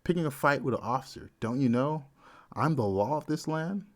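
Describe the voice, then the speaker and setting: A man's voice: medium pitch, animated, a little fast, voice pushed up, close to an everyday voice. A man voicing a bullying, petty male police officer who barks threats. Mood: blustering. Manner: blustering, barking threats.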